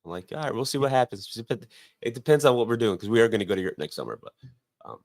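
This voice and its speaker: A man's voice: fairly low pitch, very animated, rapid-fire, darkish tone, dry recording, clean studio sound. A man in his forties in casual, joking conversation as a guest on a live stream. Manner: joking, teasing. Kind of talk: casual chat.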